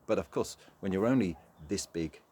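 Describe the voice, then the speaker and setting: Deep voiced guy telling a kids folk tale, lively, chats right to the little ones. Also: normal speed, husky. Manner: animated, talks directly to children. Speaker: storyteller. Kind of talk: children's story narration.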